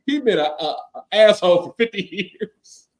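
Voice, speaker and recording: A man with a high, sharply rising and falling voice chats on a podcast. He talks in quick, profane, animated rants and slips into mock quotes of the people he discusses. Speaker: podcast co-host. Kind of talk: casual chat.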